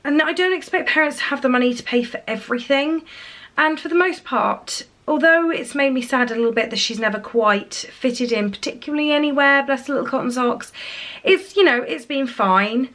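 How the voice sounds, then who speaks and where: A woman, talking quietly and emotionally to camera in a casual vlog. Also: high voice, normal speed. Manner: soft-spoken, often dropping quiet and tearful. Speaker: parent vlogger.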